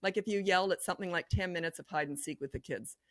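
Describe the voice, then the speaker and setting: A middle-aged woman giving blunt, no-nonsense parenting advice as a podcast guest, telling lively stories. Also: fairly low pitch, fast talker, dry recording, studio quality. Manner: lively, acts out quoted voices. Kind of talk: podcast interview.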